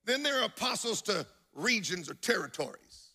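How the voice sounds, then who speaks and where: A man's voice: high voice, big pitch swings, moderate pace, bright, forceful tone. A man preaching a sermon to a congregation in church, emphatic and telling stories with acted-out quotes.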